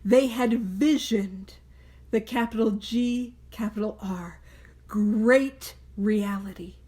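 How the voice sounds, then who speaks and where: A woman's voice: mid-range voice, slow, darkish tone. A woman hosting a study podcast, talking earnestly and emphatically with playful asides. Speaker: podcast host leading a study group. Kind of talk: casual study talk.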